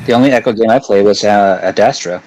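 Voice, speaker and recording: Low-voiced stream guest, hesitant casual chat. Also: male voice, fast, darkish tone, low-quality recording.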